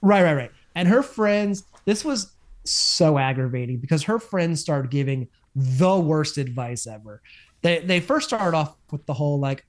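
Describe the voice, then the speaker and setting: A man with a slightly higher voice than most men co-hosts a casual chat. He recaps TV episodes in an animated, rambling way, full of fillers and restarts. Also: normal speed. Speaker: podcast co-host.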